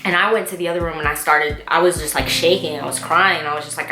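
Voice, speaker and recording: A young woman telling a personal story to camera in a casual, animated way, full of "like" and quoted dialogue, with frequent swearing. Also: sits low, fast, few pauses, echoey room, over music. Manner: animated, lots of "like", quoting people in her story, swears freely.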